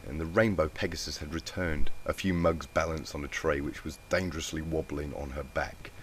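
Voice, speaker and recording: A man reads a fan story aloud in a low, deep voice, with steady, plain storytelling. A faint hiss sits under his voice. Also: moderate pace. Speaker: fanfic reader. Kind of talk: reading a fanfic aloud.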